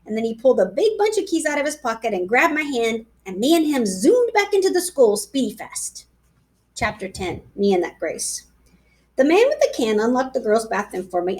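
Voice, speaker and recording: A woman reading a children's chapter book aloud in a playful, lively voice. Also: high-pitched. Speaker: reader. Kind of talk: storybook read-aloud.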